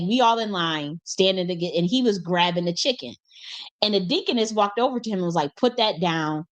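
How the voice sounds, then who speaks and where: A young woman hosting a casual storytelling monologue, animated and colloquial, laughing often and swearing freely. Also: on the low side. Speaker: host.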